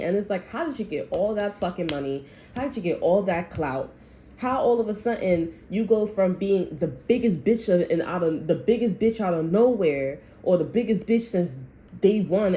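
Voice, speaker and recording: A woman's voice: medium pitch, warm tone, a little hiss or hum, low-quality recording. A woman tarot reader delivering a blunt, heavily profane, heated rant about what spirit is telling her. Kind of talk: channeled reading rant.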